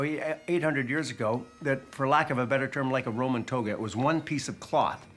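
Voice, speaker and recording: A man's voice: medium pitch, fairly bright tone. A man interviewed as a bagpiper, explaining history in an easy storytelling way. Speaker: bagpiper and guest. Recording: faint music behind.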